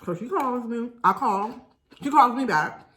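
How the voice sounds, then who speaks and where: A young woman vlogger chatting casually to viewers while eating, telling a story in an animated way. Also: on the high side, measured pace. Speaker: mukbang vlogger.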